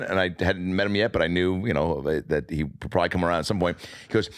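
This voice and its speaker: Low, dry-sounding male host, casual and jokey. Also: steady tone, fast, dry recording. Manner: jokey, storytelling. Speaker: podcast host. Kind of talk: casual chat.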